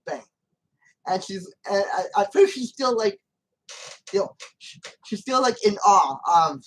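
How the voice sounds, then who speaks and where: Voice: mid-range voice, very animated, measured pace, long pauses, poor audio. A channel host giving casual commentary on a film, rambling and repeating points with many restarts and arguing emphatically with the character.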